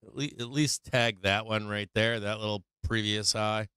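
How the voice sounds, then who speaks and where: A middle-aged man hosts a stock market livestream, rambling casually with plenty of swearing and "like" fillers. His voice sits on the low side with fairly even intonation and a moderate pace. The tone is sharp and clean, with no room sound.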